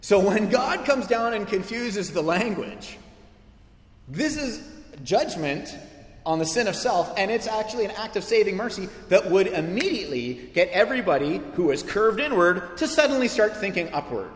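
Pastor, male, lively conversational sermon delivery, slightly high voice, echoey church hall. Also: moderate pace. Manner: animated, conversational preaching with asides to listeners. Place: church sanctuary.

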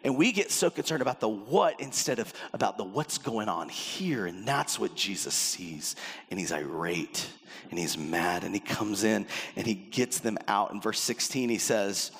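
A man preaching a sermon as pastor, animated and emphatic, with sudden drops into a low, intense voice. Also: normal speed, breathy edge. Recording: long reverb of a large hall.

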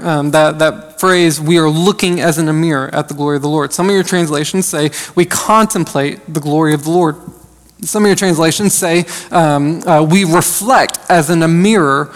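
A pastor in his thirties gives a sermon in a friendly, talky way, often pausing on "um" and "uh". His voice sits high for a man. The sound rings out with a long hall reverb. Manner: conversational preaching with frequent fillers. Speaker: associate pastor.

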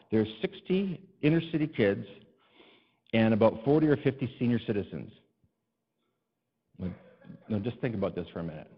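A male pastor telling a personal story in a sermon, animated and self-deprecating, rising to exasperated cries to God. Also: fairly low pitch, breathy edge, long reverb tail, highs cut off.

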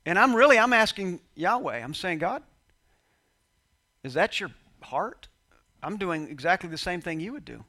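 A man's voice: sits high, sing-song, normal speed, pauses often, pushed and bright. A male pastor telling a personal story in a sermon, acting out bits of dialogue and joking with his congregation. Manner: conversational preacher, quoting dialogue, laughing with congregation.

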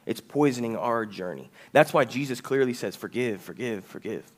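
A man's voice: medium pitch, lively intonation. Man preaching a conversational sermon. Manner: conversational, asks the congregation questions; reads scripture aloud, slows for emphasis. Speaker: pastor.

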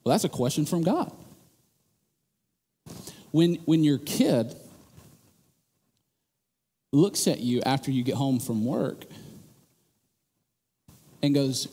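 A man preaching a sermon from the stage, telling the story in an animated, joking way and building to emphatic bursts. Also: mid-range voice, slow, long pauses, breathy edge, big-room sound.

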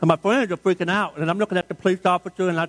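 A man's voice: high voice, steady tone, racing, a bit bright. A middle-aged man preaching a sermon, shifting into conversational, humorous storytelling and asking the congregation questions. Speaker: pastor.

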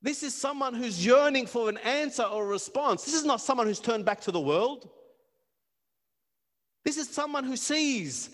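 A man preaching a passionate sermon, repeating words and building to near-shouts. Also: very high-pitched, animated, normal speed. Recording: long reverb of a hall.

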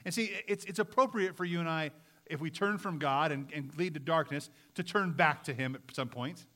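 A man preaching a sermon to his congregation, earnest and emphatic, his voice rising loud and dropping to a hush. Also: normal speed. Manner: earnest, swings between loud emphatic lines and low hushed ones. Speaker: pastor.

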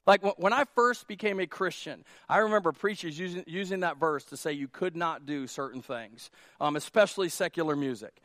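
Man, pastor, sermon, high voice, casual joking delivery, emphatic repetition, dry close sound. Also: fairly quick, a bit bright, no echo. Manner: conversational preaching with jokes, rising to emphatic repeated lines. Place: church sanctuary.

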